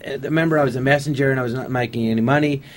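A man's voice: mid-range voice, fairly even intonation, rapid-fire. A middle-aged man telling show-business anecdotes in casual conversation, acting out the voices of people he quotes. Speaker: interview guest. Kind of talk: casual storytelling.

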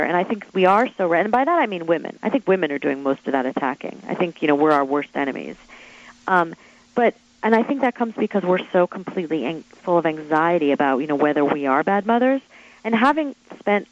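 A woman author being interviewed, telling stories in an animated, chatty way with quick asides and acted-out quotes. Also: on the low side, dull audio. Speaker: author guest. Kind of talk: interview storytelling.

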